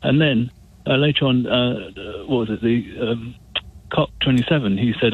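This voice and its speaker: A man's voice: mid-range voice, moderate pace, breathy edge. A man calling into a radio phone-in, rambling and restarting as he makes his point. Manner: rambling, hesitant, full of restarts. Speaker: caller. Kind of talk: phone-in call. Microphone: telephone. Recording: tinny phone line.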